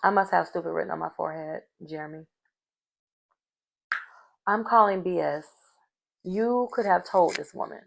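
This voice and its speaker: A woman giving a sassy, animated casual recap of a reality show, calling her listeners "baby" and "honey" and laughing as she goes. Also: fairly low pitch, normal speed, gravelly, long pauses. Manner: sassy, animated storytelling with terms of endearment; laughs mid-sentence.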